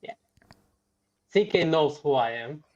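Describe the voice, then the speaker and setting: A man's voice: fairly high pitch, animated, slow, darkish tone. A man from Israel joining a livestream as a guest, chatting casually. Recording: muffled call-in audio.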